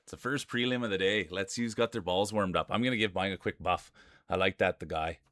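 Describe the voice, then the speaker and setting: A man's voice: sits low, a little fast, a bit bright. A man with a Canadian accent streaming live, greeting his chat by name and joking through marble race commentary. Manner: chatty, greets viewers by name, jokey.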